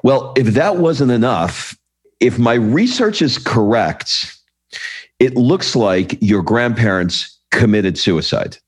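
A middle-aged man hosting an interview podcast, asking questions in a conversational way with fillers and quick asides. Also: medium pitch, expressive, husky. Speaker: podcast host. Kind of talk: casual interview.

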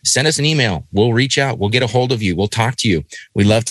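A man hosting a podcast in a relaxed, joking, casual way. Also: medium pitch, fast talker, hardly any pauses, dry recording. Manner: laid-back, jokey, says "like" and "man". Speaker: podcast host.

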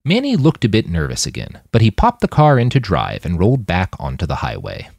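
A man narrating his own fiction with expressive, scripted storytelling. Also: sits low, brisk, vocal fry, few pauses, slightly rough, no room sound, clean studio sound. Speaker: author and narrator.

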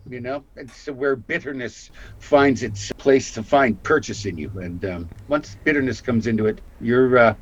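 A man's voice: normal speed, few pauses, slight background noise. A man in his sixties from Canada, an actor telling stories in a casual interview and acting out the voices of the people he quotes. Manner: animated storyteller, acts out quotes with big pitch jumps. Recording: muffled lo-fi audio.

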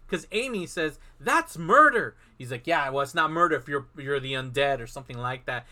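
A man's voice: medium pitch, quick pace, sharp tone. A man in casual chat, animatedly retelling a film plot and acting out the characters' lines.

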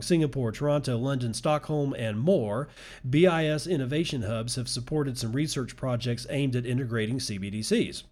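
A man's voice: mid-range voice, darkish tone. A man hosting a crypto news show, reading articles aloud and breaking in with sarcastic, profane, mocking commentary.

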